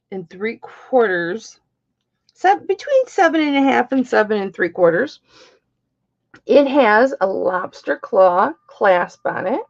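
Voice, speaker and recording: Slow, chatty middle-aged woman selling jewelry. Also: on the high side, highs cut off. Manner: chatty, bawdy, greets viewers by name. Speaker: live-stream jewelry seller. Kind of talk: live-stream auction chat.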